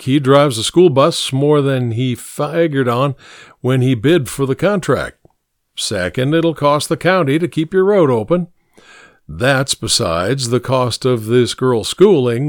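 A man's voice: mid-range voice, expressive, slow, dry recording, studio quality. A man reading a story aloud, voicing a fussy, long-winded small-town tax assessor who counts his points off one by one. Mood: officious.

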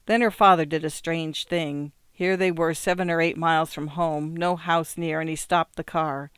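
An audiobook narrator reading literary fiction in a steady, measured way. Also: mid-range voice, clear, resonant tone, no echo. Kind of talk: scripted narration.

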